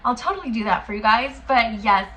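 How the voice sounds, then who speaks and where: A woman's voice: fairly high pitch, expressive, fairly quick, a bit bright, slight background noise. A young woman vlogger talking casually to the camera in a chatty, effusive way, indoors at home. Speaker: beauty vlogger.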